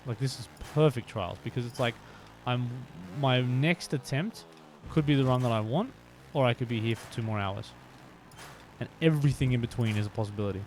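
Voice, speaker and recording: Male streamer, mid pitch, chatty and self-mocking, faint game noise behind. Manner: chatty, self-deprecating, bursts into shouts. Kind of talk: live stream commentary.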